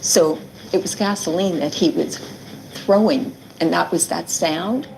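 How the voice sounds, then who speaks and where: A woman's voice: lowish voice, a little slow, vocal fry, a little mellow, a little hiss or hum, low-quality recording. A middle-aged woman giving earnest interview testimony, retelling events and quoting what was said with frequent "like" fillers. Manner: earnest, quotes herself and others, many "like" fillers. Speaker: interviewee recounting her ordeal.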